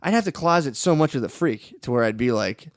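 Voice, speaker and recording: A man's voice: mid-range voice, animated, brisk, no room sound, studio quality. A man hosting a comedy podcast, rambling through profane, self-mocking riffs with acted-out quotes. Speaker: podcast host. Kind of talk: casual comedy chat.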